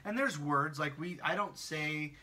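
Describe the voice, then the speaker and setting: A man with a faint Southern Kentucky accent chats loosely on a podcast, swearing casually and slipping into impressions of other people. His voice is bright and pitched a little high for a man. He sits a bit back from the microphone. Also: unhurried, far from the mic. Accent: slight Southern Kentucky. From Midwest US, near Kentucky border. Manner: animated storyteller, mimics voices, swears casually. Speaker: podcast host. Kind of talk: casual chat.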